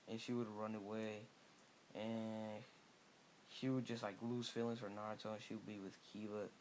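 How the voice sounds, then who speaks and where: A man's voice: on the low side, slight background noise. A man casually improvising a fan-fiction story aloud, rambling with many restarts and fillers.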